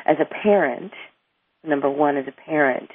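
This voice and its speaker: A woman's voice: sits low, normal speed. A middle-aged woman, an anger management coach, explains her ideas earnestly as an interview guest, rambling a little and restarting sentences. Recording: tinny phone line, dry.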